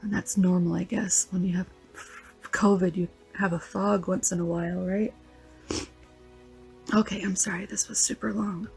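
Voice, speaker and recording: A woman's voice: medium pitch, steady tone, normal speed, creaky, long pauses, darkish tone, soft background music. A woman leaving a rambling, heartfelt voice message for a relative. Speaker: vlogger.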